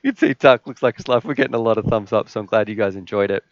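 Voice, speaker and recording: A man's voice: lowish voice, rapid-fire, no echo. A man hosting a live stream, telling a joke and chatting with viewers in a rambling, jokey way. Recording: slightly dull, dry sound.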